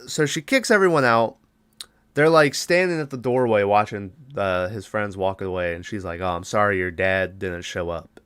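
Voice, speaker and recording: A man's voice: fairly low pitch, a bit bright, clear, resonant tone, dry recording. A man hosting a podcast, casually recapping a movie in a rambling, profane way and briefly acting out the characters' lines. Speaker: podcast host.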